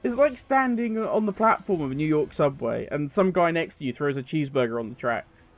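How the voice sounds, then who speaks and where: A man giving opinionated video commentary as a gaming commentator, animated and sarcastic. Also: a little high, fairly quick, soft background music.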